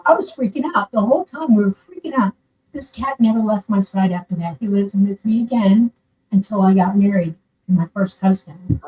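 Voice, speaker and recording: An older woman from Florida, USA, calls to share a personal story, speaking earnestly and rambling in a casual storytelling style. Her mid-range voice has lo-fi sound, recorded on a distant mic with faint noise behind it.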